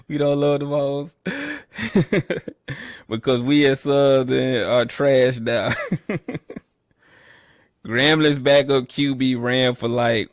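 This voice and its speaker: A man hosting a casual livestream, reading the chat and trash-talking rival teams playfully, with loud animated bursts. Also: medium pitch, creaky, no room sound, clean studio sound.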